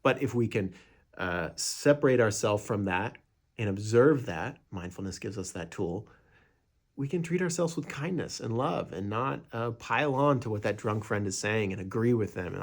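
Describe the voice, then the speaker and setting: Relaxed low-voiced man teaching meditation. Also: normal speed. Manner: relaxed, rambling, many fillers and restarts, acts out quoted friends. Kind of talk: casual spoken teaching.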